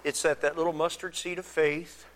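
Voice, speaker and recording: A man's voice: fairly high pitch, flat delivery, moderate pace. A man preaching a sermon in an earnest way, acting out the pleas of biblical figures. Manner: earnest, acts out biblical speakers with rising emotion. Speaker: pastor.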